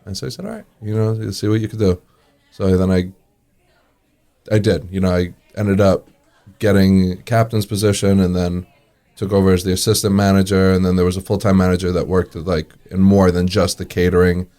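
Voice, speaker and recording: Speaking low and brisk with a flat, mellow delivery, this restaurant owner shares relaxed anecdotes in an interview. He performs the quoted lines himself and laughs softly throughout.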